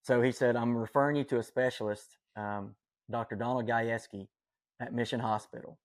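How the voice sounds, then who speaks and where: Man, podcast guest, earnest, rambling, lots of fillers and self-corrections, mid pitch. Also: steady tone, brisk. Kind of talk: casual storytelling.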